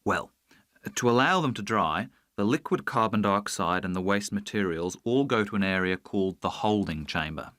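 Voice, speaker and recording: A man's voice: on the low side, animated, normal speed, fairly bright tone, no room sound. An earnest young design student in a scripted listening test, explaining his idea step by step. The recording is dry and close.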